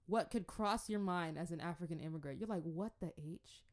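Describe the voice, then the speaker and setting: A young woman from the Congo telling stories in a casual, playful way. She is animated and often slips into acted-out voices. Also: fairly low pitch, brisk, hardly any pauses. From Democratic Republic of the Congo. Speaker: vlogger. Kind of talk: casual storytelling commentary.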